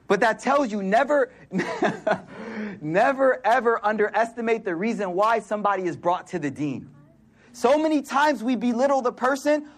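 A man in his forties delivers a sermon in a high, husky voice. He talks in relaxed street slang and tells stories, doing the voices of the people in them. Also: a little slow. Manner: casual street slang, storytelling with quoted voices. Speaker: preacher.

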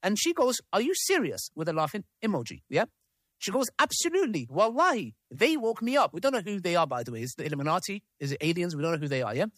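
Very fast and sing-song, his slightly high voice has a fairly bright tone that swings up and down a lot. As host of a live debate panel, he reads out messages while breaking for asides and checks with the room. The recording is close and dry, with little room echo.

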